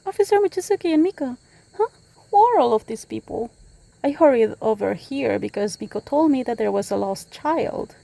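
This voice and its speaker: A woman voicing a calm, friendly village police officer who lectures and reassures. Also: fairly high pitch, moderate pace, creaky, no echo. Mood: puzzled.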